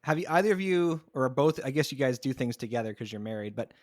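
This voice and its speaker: A man's voice: mid-range voice, lively intonation, fast, dry recording, studio quality. A man hosting a podcast, chatting casually and eagerly recommending shows, poking fun at himself. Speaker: podcast host. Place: home, recorded remotely.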